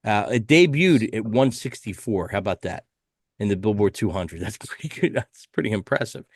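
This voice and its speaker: A man's voice: mid-range voice, no echo, studio quality. A man hosting a casual album review panel, chatting loosely and laughing often. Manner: laughs often, relaxed banter. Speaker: podcast host.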